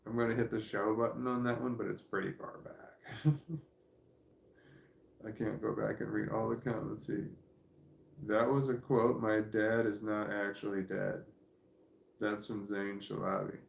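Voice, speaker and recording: A man's voice: lowish voice, steady tone, moderate pace, gravelly, pauses often, reverberant. A man hosting a casual livestream, reading viewer comments aloud and rambling about them with frequent laughs. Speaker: livestream host reading chat.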